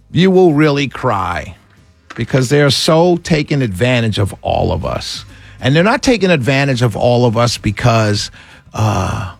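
A man's voice: fairly high pitch, no echo. A man hosting a radio talk show, ranting in an incredulous, sarcastic way. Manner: animated, incredulous, ranting with sarcastic quoted voices and laughs. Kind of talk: opinionated radio monologue.

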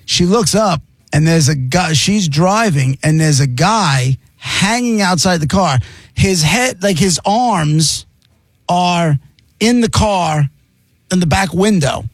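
A man's voice: high voice, lively intonation, takes it slowly, no room sound, studio quality. A male radio host chatting casually on air, telling a rambling story with restarts.

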